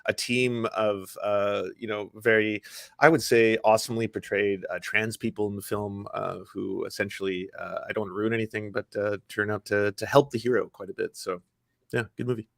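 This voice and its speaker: A man's voice: lowish voice, level tone, brisk, gravelly, no echo, studio quality. A man co-hosting a casual panel chat, talking in a rambling way with many restarts and fillers. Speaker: podcast co-host.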